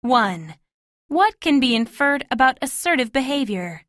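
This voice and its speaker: A woman reading scripted test instructions and questions in a crisp, formal announcing manner. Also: high-pitched, very animated, unhurried, fairly bright tone, no echo, clean studio sound. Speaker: test narrator.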